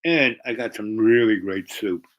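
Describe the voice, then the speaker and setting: A man telling a personal story in a casual, rambling way, animated and full of fillers. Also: lowish voice, unhurried, highs cut off.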